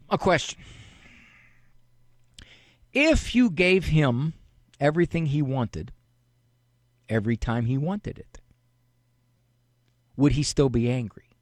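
A middle-aged man hosting a radio advice show, talking in a casual, animated, folksy way. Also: on the high side, dry recording, studio quality. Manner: animated, folksy, acts out parents' quotes. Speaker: radio show host and psychologist.

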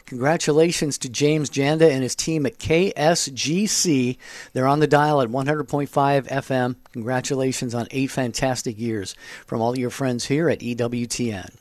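A man's voice: medium pitch, fairly even intonation, moderate pace, darkish tone, no echo. Easygoing man co-hosting a radio show. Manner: easygoing, chuckling, reads messages aloud. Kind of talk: call-in radio chat.

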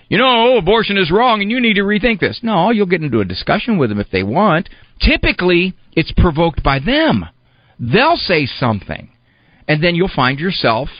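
A man's voice: medium pitch, no room sound, muffled recording. A man hosting a podcast, delivering an emphatic, indignant monologue full of rhetorical questions. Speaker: podcast host. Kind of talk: spoken monologue commentary.

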